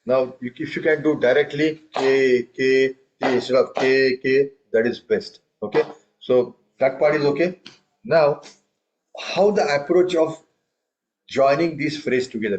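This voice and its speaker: A man's voice: medium pitch, dull audio. A man teaching a group tabla lesson, counting beats and reciting drum syllables for students to follow.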